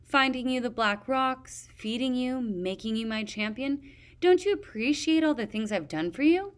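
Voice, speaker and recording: A woman's voice: a little high, animated, normal speed, pitched above the performer's own voice, close to an everyday voice. A woman voicing a vain, cruel female dragon queen who talks in a bored, mocking, imperious way. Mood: coaxing.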